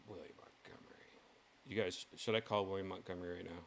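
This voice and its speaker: A man hosting his own show, reacting to clips in casual livestream commentary, excitable and swearing freely with loud exclamations. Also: low voice, fairly quick, gravelly, a little hiss or hum. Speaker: show host.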